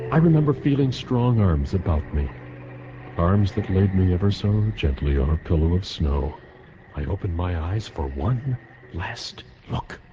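Brief: very deep, dark-toned male reader, dramatic, lively pitch, dull lo-fi sound. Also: noisy background. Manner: dramatic, with wide pitch swings. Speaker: reader of a letter. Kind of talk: dramatic reading of a wartime letter. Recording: dull lo-fi recording.

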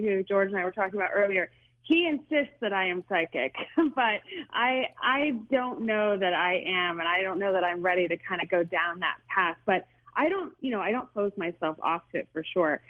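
A woman guest on a call-in radio show, talking earnestly about ghosts with frequent small laughs and restarts. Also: medium pitch. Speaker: paranormal guest. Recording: phone-like narrow band.

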